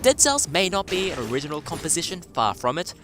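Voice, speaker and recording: A man's voice: a little high, big pitch swings, fast talker, background noise. A man narrating a scripted game review with a dry, sardonic delivery. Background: music.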